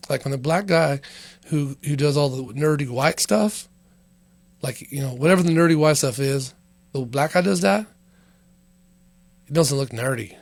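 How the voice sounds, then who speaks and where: The host of a casual comedy podcast rambles loosely, swearing and leaning heavily on fillers. He has a medium-pitched voice on a dry recording.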